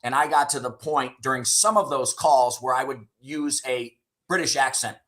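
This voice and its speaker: A middle-aged man who leads in sales tells candid stories as an interview guest, dropping casual swears and "right?" tags at the ends of his points. He speaks at a normal speed with a medium pitch and a fairly bright tone.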